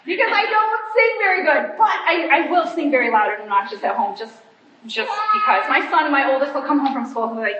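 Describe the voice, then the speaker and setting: A woman's voice: high-pitched, lively intonation, normal speed, noisy background. Woman, pastor's wife, casual church talk, laughs a lot, echoey room, dull lo-fi sound. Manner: chatty, self-deprecating, laughing often. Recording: roomy, distant, dull sound.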